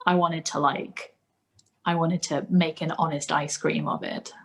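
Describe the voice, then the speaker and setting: A woman's voice: low-pitched, little pitch movement, unhurried, gravelly, a bit bright, low-quality recording. A woman hosting a casual live-stream chat, gushing and rambling, with many restarts. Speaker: host.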